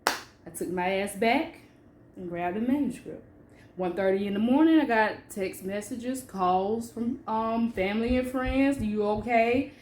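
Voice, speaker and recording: Give me an animated woman telling her own story and reading her book, in an echoey room. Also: fairly high pitch, measured pace, a little hiss or hum. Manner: emphatic and animated, with swings in loudness. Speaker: author. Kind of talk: personal storytelling and reading aloud.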